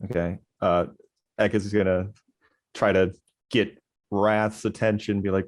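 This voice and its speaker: A man's voice: lowish voice, little pitch movement, a little slow, long pauses, no room sound. A man playing in a tabletop role-playing game, hesitant and full of fillers as he decides what his character does. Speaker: player.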